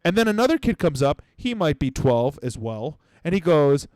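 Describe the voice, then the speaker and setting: A man's voice: on the high side, very animated, normal speed, darkish tone, dry recording. Sarcastic, profane man ranting, dry close sound. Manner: profane, sarcastic, mocking impressions. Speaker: comedy podcast host. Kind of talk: comedic rant.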